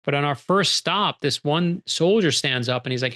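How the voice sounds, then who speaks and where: A man's voice: fairly high pitch, normal speed, hardly any pauses, pushed and bright. A middle-aged male author being interviewed, telling stories animatedly and acting out the quoted dialogue. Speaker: author guest. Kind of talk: storytelling interview conversation.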